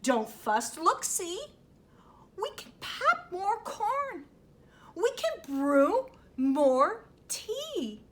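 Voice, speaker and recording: A woman voicing a small, kind mouse in a storybook with a squeaky voice. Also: very animated, very slow, full character voice. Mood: soothing.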